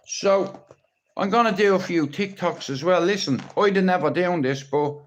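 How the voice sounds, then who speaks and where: A man's voice: high-pitched, normal speed, slight background noise. An Irish man talking on a live stream in a rambling, blunt and teasing way, with plenty of swearing. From Ireland. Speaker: livestreamer.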